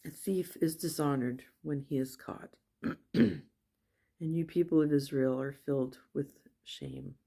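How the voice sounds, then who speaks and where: Mellow-voiced woman reading scripture aloud. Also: deep voice. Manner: steady reading with small slips and self-corrections. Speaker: Bible reader.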